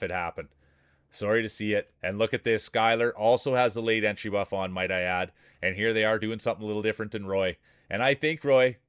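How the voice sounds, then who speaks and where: Lower-voiced man calling a game with hype. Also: smooth, dry recording, clean studio sound. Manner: excitable, joking, hypes up players. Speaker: streamer and game commentator. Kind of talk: playful sports-style play-by-play commentary.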